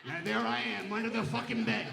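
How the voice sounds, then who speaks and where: A man's voice: high voice, a little fast, gravelly, a crowd in the background, noisy background. A man doing a stand-up comedy set on a casino stage, telling stories in a brash, profane, punchy way. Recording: roomy casino showroom sound.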